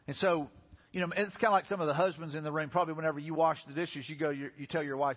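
A man's voice: fairly high pitch, steady tone, quick pace. A man preaching a sermon as pastor in a casual, conversational way, talking straight to the congregation. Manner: casual, conversational preaching with lots of "hey, listen" and "you know". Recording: long hall reverb, dull lo-fi sound.

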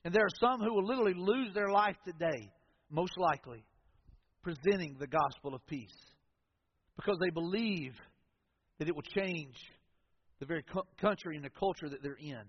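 A pastor with a notably high voice delivers a folksy, conversational sermon to his congregation. His words ring with long reverb through a large church hall. The recording itself sounds dull and lo-fi. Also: normal speed, slight background noise. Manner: folksy, conversational preaching with storytelling asides.

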